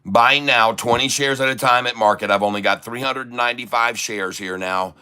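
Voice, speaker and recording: A middle-aged man giving excited live commentary while day-trading, repeating prices rapidly and breaking into rhyming chants like a hype man. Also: medium pitch, smooth.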